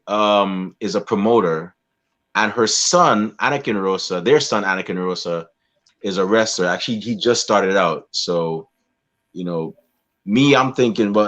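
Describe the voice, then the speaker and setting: A man's voice: on the low side, a bit bright, lo-fi sound. A man, a podcast guest, explaining things in casual chat with enthusiasm.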